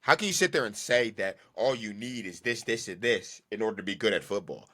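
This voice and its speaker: A man hosting a solo podcast rants about football with a bright, lively voice that swings up and down a lot. He repeats his points for emphasis and talks in a loose, slangy way. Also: lowish voice, a little fast. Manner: ranting, emphatic, repeats himself; slangy and casual. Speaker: podcast host.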